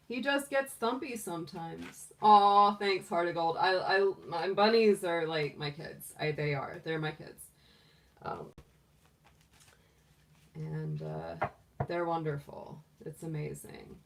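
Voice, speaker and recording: Slow and often pausing, this middle-aged woman uses a lowish voice with lively intonation while hosting a casual tarot livestream. She's chatty, doting and quick to laugh, in a closed room at home, her voice slightly distant from the microphone.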